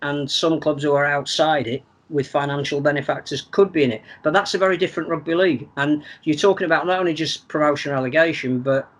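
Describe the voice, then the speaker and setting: A man giving measured, analytical opinions on a sports podcast, often repeating words as he thinks. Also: on the high side, steady tone, a bit bright. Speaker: podcast pundit. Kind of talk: casual sports podcast chat.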